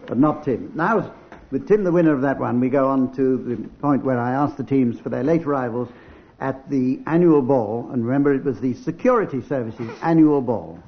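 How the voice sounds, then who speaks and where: A man's voice: medium pitch, moderate pace. A man hosting a radio comedy panel game as chairman, with a wry, dry delivery. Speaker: quiz chairman. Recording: lo-fi radio recording with hiss.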